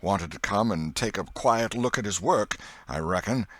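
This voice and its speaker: A man's voice: on the low side, lively intonation, normal speed, fairly bright tone, dry recording. A man voicing a scornful townsman bystander who drawls out a sneer.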